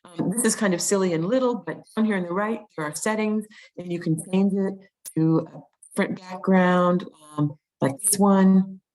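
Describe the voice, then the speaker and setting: A woman's voice: mid-range voice, normal speed, darkish tone, low-quality recording. A woman presenting an online teaching webinar, explaining step by step with frequent ums and restarts, on a video call mic.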